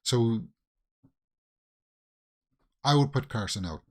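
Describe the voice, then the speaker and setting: A man's voice: mid-range voice, lively intonation, slow pace. A man with a Canadian accent hosting a casual watch-along reaction, talking back at the screen with pleading, exasperated asides. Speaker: reaction video host.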